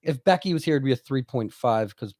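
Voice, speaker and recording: A podcast co-host in loose, casual chat, retelling stories and acting out what other people said. The voice is mid-pitched and swings widely in melody, with frequent laughter. The recording is close and dry. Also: fairly quick, no echo. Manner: animated storyteller, laughs often, acts out quotes.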